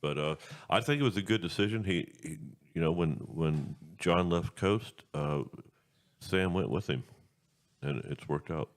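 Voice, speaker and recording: Podcast host, man, extremely low voice, loose rambling chat with restarts. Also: measured pace. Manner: rambling, repeats words and restarts. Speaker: radio show host.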